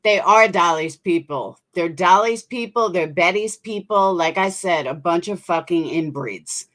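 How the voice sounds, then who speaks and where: A woman's voice: on the low side, measured pace, a bit bright. A woman hosting a commentary channel, talking bluntly and indignantly and swearing freely. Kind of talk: opinionated commentary.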